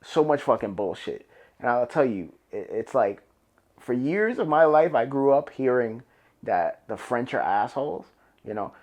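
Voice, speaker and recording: A man's voice: mid-range voice, sing-song, normal speed, darkish tone. A young man with a New York accent, hosting a solo podcast in a loose, rambling, profane, emphatic way. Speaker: podcast host. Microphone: camera and podcast mic.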